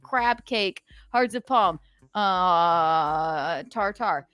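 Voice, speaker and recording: A woman podcast host in casual chat, reading a long list fast and giggling between words. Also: fairly low pitch, animated, a bit bright, clear, resonant tone, dry recording. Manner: reads in rapid fire, giggling through words.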